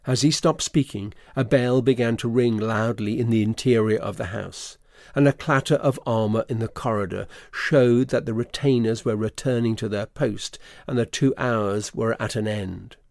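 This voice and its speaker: A man narrating a classic story for an audio drama in a measured, literary reading. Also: fairly low pitch, creaky, a little mellow, no echo.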